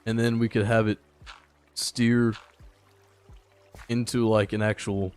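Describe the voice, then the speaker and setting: A tired young man giving relaxed, rambling live-stream commentary while he plays, chatting with his viewers. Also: lowish voice, slow, soft background music. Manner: laid-back, rambling, chats with viewers. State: a little tired. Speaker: gaming streamer.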